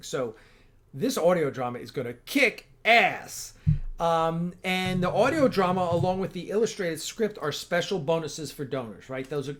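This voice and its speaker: A man hosting a casual livestream, talking enthusiastically in a rambling way with frequent restarts. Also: on the high side. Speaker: host of a fan-film livestream.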